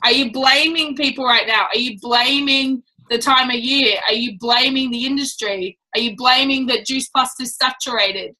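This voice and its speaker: A woman's voice: sits high, normal speed, hardly any pauses, sharp tone, low-quality recording. A woman giving a casual, blunt and chatty training talk to a business team. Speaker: network marketing trainer.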